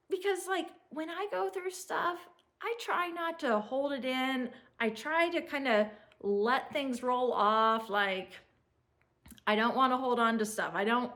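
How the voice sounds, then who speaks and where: A woman in her forties telling stories to the camera in a chatty, animated way, laughing often and acting out what people said. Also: high voice. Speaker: vlogger. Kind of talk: casual storytelling to camera.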